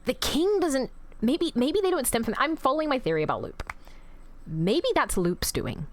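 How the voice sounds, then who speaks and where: A woman's voice: high voice, big pitch swings, moderate pace. A woman streamer rambling through emotional live commentary on a game, swearing freely and talking back to chat.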